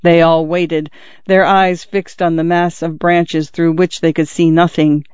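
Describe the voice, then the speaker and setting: A man narrating a classic short story in a measured, even storytelling manner. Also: fairly high pitch, smooth, no room sound, muffled recording.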